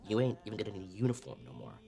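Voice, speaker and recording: A man's voice: lowish voice, big pitch swings, very fast, creaky, dark tone, soft background music. An actor playing a blunt, dismissive man holding forth in film dialogue. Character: blunt man holding forth during a drug-fuelled hotel chat.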